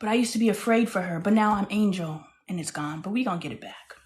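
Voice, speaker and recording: A woman in her thirties hosting a casual live stream, speaking frankly and with animation, swinging between loud bursts and hushed asides. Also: medium pitch, fast. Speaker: host.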